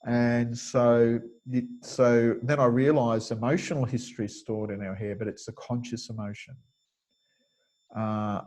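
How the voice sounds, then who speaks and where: A man's voice: medium pitch, a little mellow. A middle-aged man giving an informal webinar lecture, rambling and digressive, with many restarts and chuckles. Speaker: webinar presenter.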